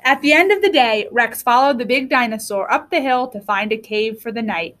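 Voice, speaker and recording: Animated high-voiced woman reading aloud. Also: moderate pace, hardly any pauses. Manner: animated, expressive. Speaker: kindergarten teacher. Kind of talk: storybook read-aloud.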